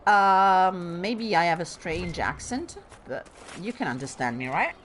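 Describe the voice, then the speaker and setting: A woman's voice: on the low side, expressive, a little slow, fairly bright tone, slight background noise. A woman from Bologna with a light Italian accent, chatting casually through a game with rambling, self-deprecating asides. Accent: Italian, slight Bolognese lilt. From Bologna, Italy. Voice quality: drama-school trained diction. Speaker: let's play host. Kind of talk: casual gameplay commentary.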